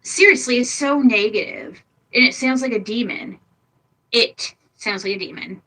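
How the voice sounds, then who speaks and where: An older woman talks casually and bluntly, her voice a little high and very bright. She sounds exasperated and swears freely as she vents. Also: moderate pace, rough recording. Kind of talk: casual chat.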